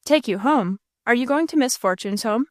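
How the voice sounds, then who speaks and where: A woman's voice: fairly high pitch, animated, moderate pace, no room sound, clean studio sound, natural voice. A woman reading the part of a big red-faced country innkeeper who speaks in a folksy rural dialect. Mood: blunt.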